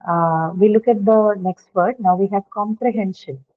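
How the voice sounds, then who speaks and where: A woman's voice: mid-range voice, moderate pace. A woman teaching English pronunciation in a class, explaining patiently step by step and often checking with her students. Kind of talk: online classroom lecture. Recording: tinny phone-like line.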